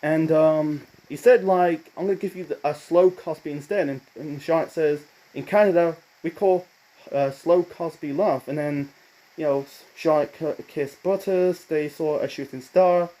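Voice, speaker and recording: A man's voice: fairly high pitch, moderate pace, dark tone, poor audio. A man reviewing a cartoon episode in a loose, rambling way, often stumbling over his words and restarting. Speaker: video reviewer.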